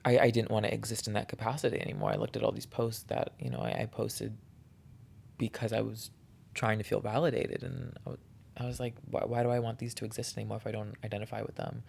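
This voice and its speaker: Earnest man with a gravelly voice. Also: fairly low pitch, little pitch movement, quick pace, a little mellow. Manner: earnest, heartfelt, encouraging. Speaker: podcast host. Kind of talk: reflective solo podcast monologue.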